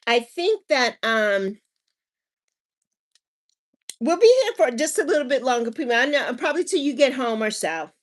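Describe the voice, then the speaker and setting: A middle-aged woman chats casually on her livestream, reading comments out loud and laughing often. Her voice sits a little higher than most women's. She talks loosely and lively. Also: normal speed, pauses often. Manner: animated, laughs often, reads chat aloud. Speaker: livestream host reading chat.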